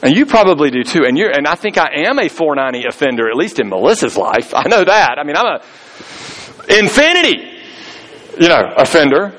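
A man's voice: fairly high pitch, big pitch swings, brisk, fairly bright tone, poor audio. A man preaching a sermon in a conversational storytelling way, acting out the voices of people he quotes. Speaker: pastor.

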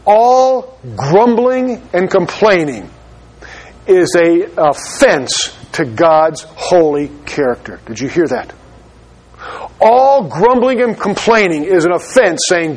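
A man preaching a sermon as pastor of his church, urgent and slowing down for emphasis. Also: high voice, lively intonation, a little mellow.

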